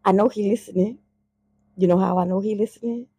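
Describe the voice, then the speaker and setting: A woman's voice: mid-range voice, a little fast, breathy edge, dry recording. A woman, talking in a blunt, profane, casual monologue as a podcast host. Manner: blunt and profane, heated and animated when worked up.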